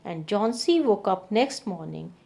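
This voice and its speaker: A woman's voice: mid-range voice, expressive, unhurried, vocal fry, warm tone. A woman reading a story aloud and re-explaining each sentence in simpler words, as a teacher.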